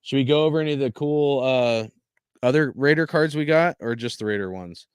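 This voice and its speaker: A man's voice: mid-range voice, fairly quick, smooth, no echo. A young man chatting casually on a live stream while opening football cards, swearing and laughing often. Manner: laughing, swearing, loud exaggerated dismay.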